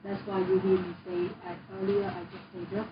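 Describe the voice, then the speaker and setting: A woman's voice: fairly low pitch, flat delivery, far from the mic. A young woman from Vietnam with a Vietnamese accent, tutoring a student in an online lesson and patiently modeling each word. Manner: patient, encouraging, models words slowly. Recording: roomy, dull audio with noise.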